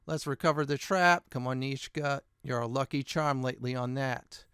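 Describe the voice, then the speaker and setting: Smooth-voiced man doing game commentary. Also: mid-range voice, moderate pace, a bit bright, no room sound, studio quality. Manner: chatty, thinking aloud while looting. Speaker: gaming channel host. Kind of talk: let's-play commentary.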